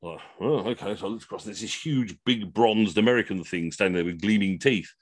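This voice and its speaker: A man's voice: fairly low pitch, a little fast, breathy edge, dry recording, studio quality. A man telling comic stories, chatty and rambling, over a video call. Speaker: costumed entertainer, storyteller. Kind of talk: comic storytelling.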